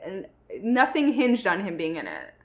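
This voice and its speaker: A woman's voice: mid-range voice, wildly swooping pitch, normal speed. A woman from the northern United States co-hosting a podcast, talking frankly about a movie with many fillers and restarts. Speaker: podcast co-host. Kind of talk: casual film discussion.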